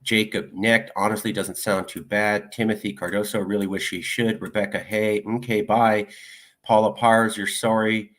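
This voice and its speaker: Male political commentator, lowish voice, casually reading viewer comments aloud in quick succession. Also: flat delivery, a bit bright.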